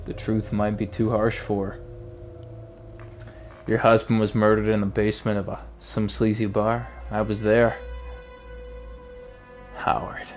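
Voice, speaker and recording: A man's voice: on the low side, flat delivery, a little slow, long pauses, soft background music, lightly acted. A man reading as a brooding animal detective. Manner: brooding, quiet inner monologue. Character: weary, self-doubting male detective, an animal. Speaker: game voice-over reader. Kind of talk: reading a story game aloud.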